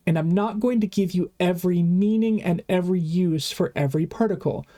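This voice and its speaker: Mellow, chatty online language teacher. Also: medium pitch. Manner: casual, chatty, self-correcting. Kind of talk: online grammar lesson.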